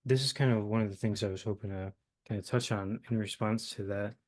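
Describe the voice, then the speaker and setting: Low-voiced man, halting and searching. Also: steady tone, darkish tone. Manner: halting, searching for words, many fillers. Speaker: host. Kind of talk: casual philosophical conversation.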